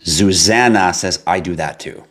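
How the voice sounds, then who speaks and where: A man hosting a live stream, reading viewer comments in a casual, animated way, laughing and swearing now and then. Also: a little slow. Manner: animated, laughs and swears, jumps to high yelps for effect. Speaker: livestream host.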